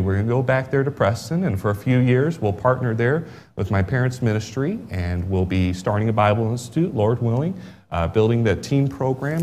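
A young man, raised in England but speaking with an American accent, preaching as a missionary in an earnest, upbeat sermon that swells to loud emphasis. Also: on the low side, a little hiss or hum.

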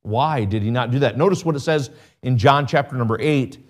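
A man's voice: medium pitch, fairly quick. Man preaching a sermon. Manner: asks the congregation many rhetorical questions; reads scripture aloud in King James wording.

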